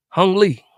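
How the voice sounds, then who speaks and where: A man's voice: darkish tone, dry recording, clean studio sound. A man hosting a live post-game reaction stream, upset and stammering with repeated words as he vents. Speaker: sports stream host.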